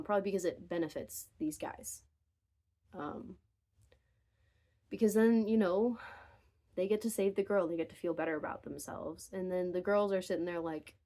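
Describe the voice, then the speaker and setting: A woman's voice: mid-range voice, darkish tone. A young woman talks straight into her phone from her bedroom in an unscripted, rambling rant. She interrupts herself often and drifts into wry asides before pulling back on track. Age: young adult. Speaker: vlogger. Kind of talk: unscripted casual rant to camera. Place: bedroom at home. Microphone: phone camera.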